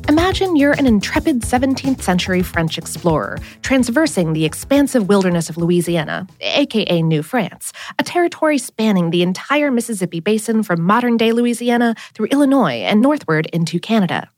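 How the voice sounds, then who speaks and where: A woman hosting an explainer podcast, reading a script with a wry, lively delivery. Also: medium pitch, a little fast, hardly any pauses, dry recording, clean studio sound, faint music behind. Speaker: podcast host.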